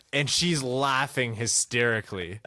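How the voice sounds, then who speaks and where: A man co-hosting a casual hockey podcast, ranting with animated, self-mocking humor. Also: mid-range voice, no room sound, clean studio sound. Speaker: podcast co-host.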